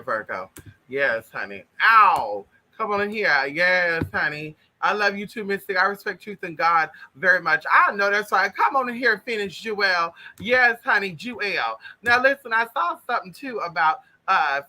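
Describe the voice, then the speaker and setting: A man's voice: high voice, pushed and bright. A man hosting a casual livestream, greeting viewers one by one in a flamboyant, blunt and profane way, calling everyone honey. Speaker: livestream host.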